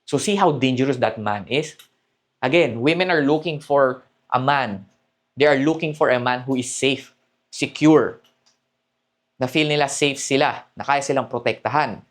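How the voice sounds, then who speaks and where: A man's voice: mid-range voice, moderate pace. A man with a Filipino accent coaching men on dating, switching between Tagalog and English and often checking in with "okay?". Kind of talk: coaching talk to camera.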